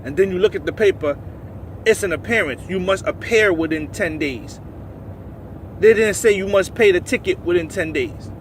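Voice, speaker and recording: An angry truck driver, a man, fires off a profane rant outdoors beside his rig. His voice sits high for a man and keeps climbing as he gets worked up. Faint traffic and outdoor noise hang behind him. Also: moderate pace. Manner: profane, agitated, rising to shouts. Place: outdoors by a truck at a loading yard. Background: faint vehicle and outdoor noise.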